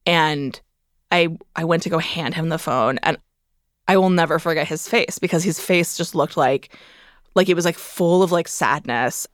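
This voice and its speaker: A woman's voice: low-pitched, brisk, no echo, studio quality. A woman telling a painful personal story in a candid, conversational way, full of "like" fillers. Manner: conversational, frequent "like" fillers, emotional recollection. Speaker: memoir author, interview guest.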